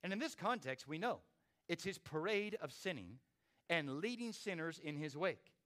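A man's voice: fairly high pitch, big pitch swings, normal speed, a bit bright. A man preaching a sermon with dramatic rises and drops in volume. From not from Australia. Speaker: pastor.

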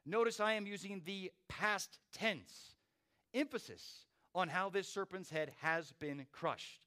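A man's voice: high-pitched, slow, sharp tone. A man preaching a sermon with dramatic rises and drops in volume. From not from Australia. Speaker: pastor.

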